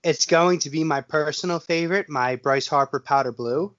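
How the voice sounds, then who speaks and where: A man co-hosts a casual sports podcast, so excited that he trips over his own words. His voice sits a little high for a man. The sound is muffled and lo-fi. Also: moderate pace. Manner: excitable, stammering, gushing. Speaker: podcast co-host.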